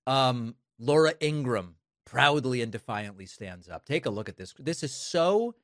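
A man's voice: medium pitch, animated, normal speed, a bit bright, dry recording, clean studio sound. A man hosting a political commentary show, scornful and sarcastic as he introduces and mocks clips. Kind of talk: opinionated commentary over clips.

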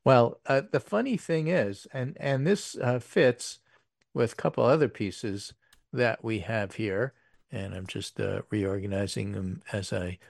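A man's voice: on the low side, a little slow, gravelly, no room sound. Dry, wry man reading the numbers. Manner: wry, dry asides with fillers. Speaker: political podcast host. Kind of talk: casual political commentary, reading poll numbers.

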